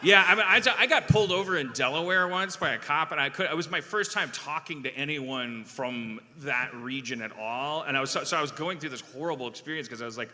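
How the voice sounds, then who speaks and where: A man's voice: fairly high pitch, brisk, hardly any pauses, bright, forceful tone. A man from Milwaukee hosting a live comedy podcast on a theater stage, telling rambling, self-deprecating stories. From Milwaukee, USA. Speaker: podcast host. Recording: long theater hall reverb.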